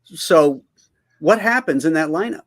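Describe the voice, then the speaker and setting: A man hosts a relaxed video call among friends, tossing out questions and ribbing his guests. His voice is high and swings widely as he talks. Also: a little slow. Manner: playful, teasing questioner. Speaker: host. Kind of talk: casual video call chat.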